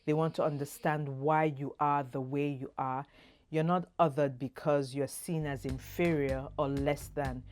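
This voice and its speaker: A middle-aged woman with a Nigerian accent, talking casually to camera as an expressive, humorous storyteller. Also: deep voice, a little slow, soft background music. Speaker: vlogger.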